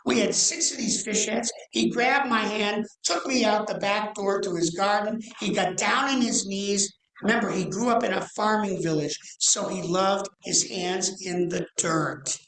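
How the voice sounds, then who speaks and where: A man in his sixties tells a story from the pulpit, his voice rising and falling with animation and stretching into slow, dramatic pauses. The sound carries the roomy echo of a church sanctuary. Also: high voice, a bit bright. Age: 60s. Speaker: guest speaker, rabbi. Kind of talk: storytelling sermon.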